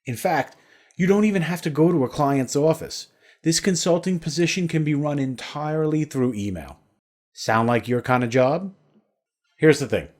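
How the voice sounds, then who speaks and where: A man's voice: on the high side, normal speed. A man narrating a scripted sales webinar in a persuasive, storytelling way.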